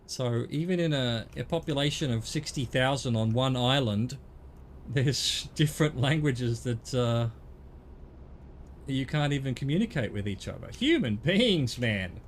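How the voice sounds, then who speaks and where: A man's voice: medium pitch, expressive, measured pace, a little hiss or hum. A middle-aged man with an Australian accent chatting casually on a gaming stream, rambling and swearing now and then.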